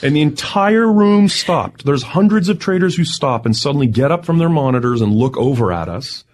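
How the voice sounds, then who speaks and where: A man, a tech entrepreneur, telling his story in an interview with excited energy and frequent laughter. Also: fairly high pitch, moderate pace, a little hiss or hum.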